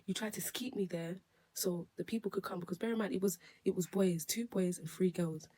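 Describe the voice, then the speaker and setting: Husky woman recounting a story. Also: fairly low pitch, a little fast, dark tone. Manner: rambling, emotional retelling with many restarts. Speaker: nail technician. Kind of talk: storytime vlog recounting an incident.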